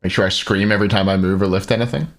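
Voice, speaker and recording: A man's voice: low-pitched, fairly even intonation, very fast. A man casting a live esports stream, mixing game commentary with joking banter with his viewers. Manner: joking, chatty banter with chat. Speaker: esports caster and stream host.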